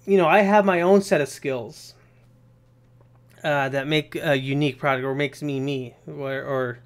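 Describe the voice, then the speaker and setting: A young man hosting a live Q&A stream talks in a loose, rambling way. His voice sits somewhat high for a man. He sounds energetic and swears casually as he goes.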